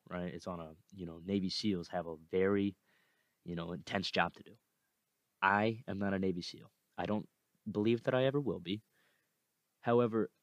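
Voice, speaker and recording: A man's voice: fairly low pitch, no room sound. A young man hosting a podcast, speaking earnestly and with growing fire about motivation. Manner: earnest, repetitive, fired up. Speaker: podcast host.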